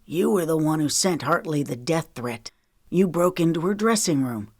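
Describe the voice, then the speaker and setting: A woman's voice: deep voice, lively intonation, moderate pace, darkish tone, no echo, clean studio sound. A woman reading the lines of a level-headed male former Navy SEAL in an audiobook.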